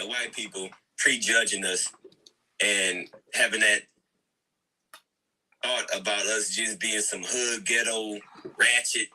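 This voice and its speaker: A man's voice: fairly low pitch, sharp tone, breathy edge, low-quality recording. A man co-hosting a livestream reaction, talking earnestly and lecturing, often repeating himself. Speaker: co-host. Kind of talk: casual reaction commentary.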